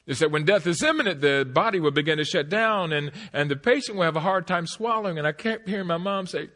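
A middle-aged man giving a speech to an audience, telling a personal story emphatically. His voice drops to a hush, then rises loud. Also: a little high, quick pace, few pauses. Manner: emphatic, swings between hushed and loud. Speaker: motivational speaker.

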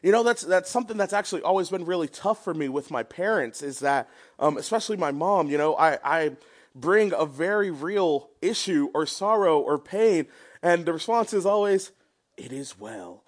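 A man's voice: high voice, lively intonation, normal speed. A young man preaching a sermon in an earnest, conversational way, with a prayer and casual asides to the people around him.

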